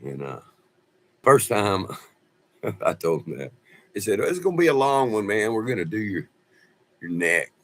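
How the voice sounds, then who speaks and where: Man, livestream host; low voice, lively up-and-down delivery, rambling and folksy. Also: measured pace, pauses often. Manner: rambling, folksy, laughing often. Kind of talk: casual storytelling livestream. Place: off-grid home.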